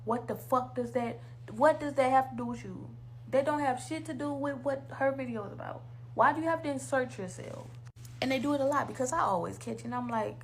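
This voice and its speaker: A woman's voice: high-pitched, brisk, a little hiss or hum, rough recording. A woman from the United States, delivering a heated, profane social media rant. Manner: profane, emphatic, repetitive. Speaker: commentator.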